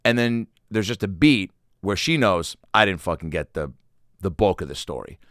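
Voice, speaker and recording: Lively low-voiced man doing comic rambling. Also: normal speed, no room sound, clean studio sound. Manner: animated, profane, rambling storytelling; self-deprecating. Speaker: podcast host. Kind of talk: casual comedic solo monologue.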